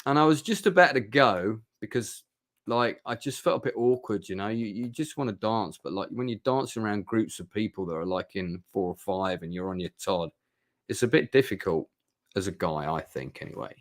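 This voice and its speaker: A man's voice: fairly low pitch, expressive, normal speed. A man, casually telling a heartfelt, rambling story as he reviews a night out. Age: 50s. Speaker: vlogger reviewing a club night.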